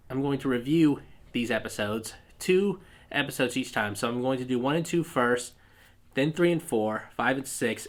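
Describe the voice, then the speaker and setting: A man's voice: mid-range voice, a bit bright. A man with a stuffy nose from a cold, talking casually as a YouTube reviewer, rambling with many restarts and self-corrections.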